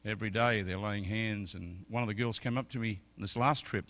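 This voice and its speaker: A middle-aged man preaching a sermon as an evangelist, telling stories and swinging from quiet talk to loud shouted peaks. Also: on the low side, fairly even intonation, a little fast. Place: church service.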